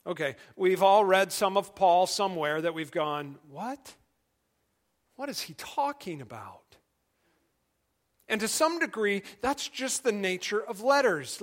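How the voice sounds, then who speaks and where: A middle-aged male pastor preaching a sermon in an earnest, conversational way, dropping to quiet emphasis. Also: high-pitched.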